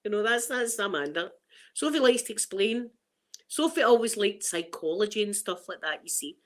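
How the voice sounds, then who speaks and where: A middle-aged woman with a Glaswegian accent, chatting casually to her viewers in a rambling, laughing way, her voice starting to go hoarse. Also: mid-range voice, animated, normal speed, rough recording. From Scotland. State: voice going hoarse. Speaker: vlogger.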